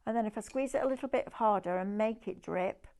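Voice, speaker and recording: A woman's voice: medium pitch, a little fast, darkish tone. A woman presenting a live craft shopping demo, chatty and enthusiastic as she shows off the products. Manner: chatty, enthusiastic, sales patter with demonstrations.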